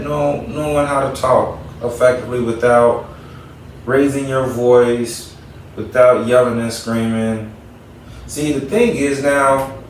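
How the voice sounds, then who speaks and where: Man, slow, preachy advice talk, distant mic, very echoey room. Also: medium pitch, a little hiss or hum. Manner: conversational, preachy, repeats points for emphasis. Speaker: talk show host.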